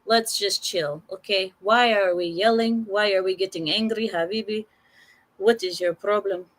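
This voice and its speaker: A woman of Arab heritage giving casual news commentary, sarcastic and animated, with rambling restarts. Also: mid-range voice, moderate pace. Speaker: commentary channel host.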